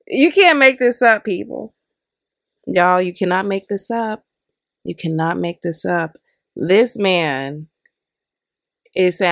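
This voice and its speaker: A woman's voice: lowish voice, slow, vocal fry, long pauses, fairly bright tone, no echo, clean studio sound. A woman hosting a podcast, delivering an opinionated commentary rant full of exasperated rhetorical questions. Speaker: podcast host.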